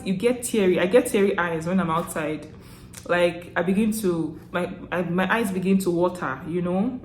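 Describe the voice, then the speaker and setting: A woman's voice: fairly low pitch, a little hiss or hum. Chatty young Nigerian woman, echoey room. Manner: animated, laughing often, chatty with many restarts. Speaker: vlogger. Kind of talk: casual storytelling to camera.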